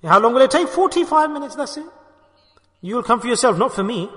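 A man preaches a sermon in a high, bright voice. He scolds and teases his listeners and acts out their replies. His voice rings with the long reverb of a hall. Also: quick pace. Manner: animated, mimicking, scolding.

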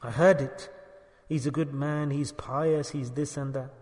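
A man voicing a remorseful man who pleads in a soft, broken voice, inside a sermon with hall echo. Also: medium pitch, fairly even intonation, measured pace, voice pushed down, natural voice. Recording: long hall reverb.

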